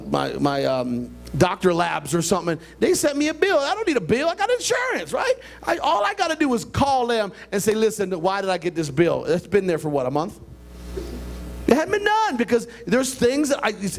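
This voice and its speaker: An older man preaching a sermon as a pastor, animated and conversational, with a hands-on demonstration. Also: creaky. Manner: animated preaching with a hands-on demonstration, jumping between high and low voices. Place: church sanctuary.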